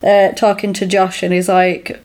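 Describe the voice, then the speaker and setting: A woman chatting casually, retelling events with lively acted-out lines and laughs. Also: medium pitch, a little slow. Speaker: podcast co-host recapping a film. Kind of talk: casual chat.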